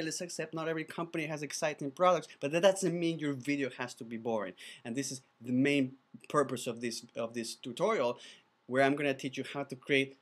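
A man who is not a native English speaker, pitching his video course in an enthusiastic, chatty way, often restarting his words. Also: a bit bright. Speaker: animated video producer teaching a course. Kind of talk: casual course pitch to camera.

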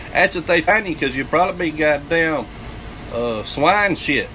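A Southern US man tells a rough, bragging tale, his speech thick with profanity and frequent laughter. His voice sits a little high for a man. A faint hum of a vehicle runs underneath. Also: lively intonation, slow, pushed and bright, poor audio. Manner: profane, boastful, laughs often. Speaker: channel host telling a story. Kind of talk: crude storytelling monologue.

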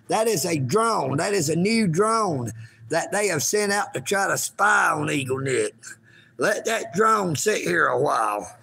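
A man in his fifties with a strikingly high, gravelly voice that has a sharp, bright edge. He rambles slowly through a live stream between drags on a cigarette, and every so often he breaks into a shout. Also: lively intonation. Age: 50s. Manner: slow, drawn-out, breaks into shouting; smoking while talking. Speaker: livestream host.

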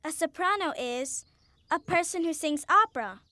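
A woman's voice: sits high, lively intonation, normal speed, no room sound. A woman voicing a vain, cheerful female cow in a dubbed cartoon, proud of her off-key singing. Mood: smug. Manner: proud, self-assured, breaks into loud opera singing. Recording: children's music under the voice. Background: children's music.

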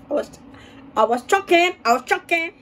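A young woman vlogger telling a story in a casual, animated and dramatic way. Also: very high voice, slight background noise.

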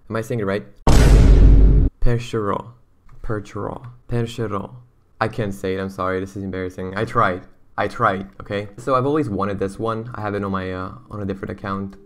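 A young man giving excitable, slangy, rambling commentary on a video game as its YouTuber host. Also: deep voice, fast talker, faint music behind. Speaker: gaming YouTuber. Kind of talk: casual gameplay commentary.

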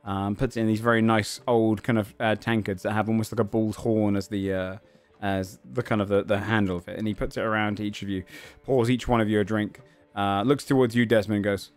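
A man's voice: on the low side, level tone, fairly quick, few pauses, soft background music. A man running a tabletop game as game master, describing scenes with lots of ums and uhs. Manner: rambling with many fillers.

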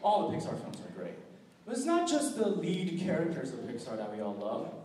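A teenage boy from California giving jokey, lively stage patter at a high school talent show, heard from far off in a hall. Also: fairly quick, slight background noise. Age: teens. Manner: jokey, lively emcee delivery. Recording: echoey hall from far off with crowd.

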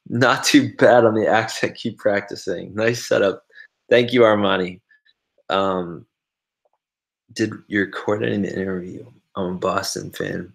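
Low-voiced man chatting while editing. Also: steady tone, measured pace, vocal fry. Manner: rambling, reads chat comments aloud. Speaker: vlogger livestreaming his editing. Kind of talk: casual livestream chat.

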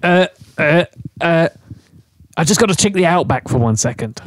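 A man's voice: on the high side, lively intonation, normal speed, lightly acted. A man voicing a flustered middle-aged male school principal in a put-on Australian accent, stammering nervous excuses in a fan parody.

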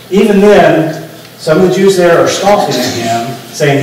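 A man's voice: a little high, animated, unhurried, darkish tone, slight background noise. A male pastor preaching a sermon in a conversational, explanatory way, often restarting phrases. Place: church sanctuary. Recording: echoey church from far off.

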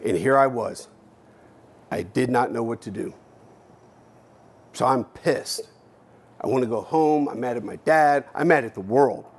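A man giving a keynote speech, telling a personal story bluntly and candidly, swearing freely and moving between loud and hushed delivery. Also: medium pitch, measured pace, long pauses, husky. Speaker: keynote speaker. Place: lecture hall.

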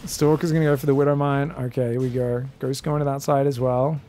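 A man casting a live esports match, excitable and joking, shouting out at big plays. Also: medium pitch, fairly quick, faint music behind. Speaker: esports caster. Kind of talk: live game commentary.

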